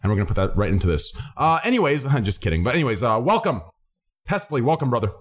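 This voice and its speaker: Fast-talking excitable male stream host. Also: mid-range voice. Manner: excitable, rambling with frequent fillers. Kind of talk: casual chat.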